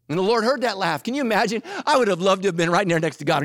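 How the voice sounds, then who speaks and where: A pastor in full sermon mode, a man who swings between jokes and earnest emphasis. His voice sits a little high, and the sound is dry and close with little room around it. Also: fast talker, no room sound. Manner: animated, joking, emphatic.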